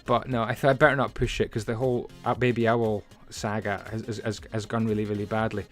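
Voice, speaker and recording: A man's voice: lowish voice, flat delivery, fast talker, soft background music. A man hosting a casual game-building video, rambling chattily with plenty of fillers and asides as he tells stories. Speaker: Minecraft building channel host. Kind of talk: casual building commentary and storytelling.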